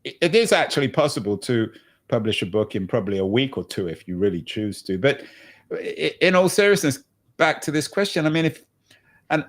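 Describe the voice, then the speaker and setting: A man hosting an interview podcast, wry and joking, often restarting his sentences. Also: lowish voice. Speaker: podcast host. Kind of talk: conversational interview.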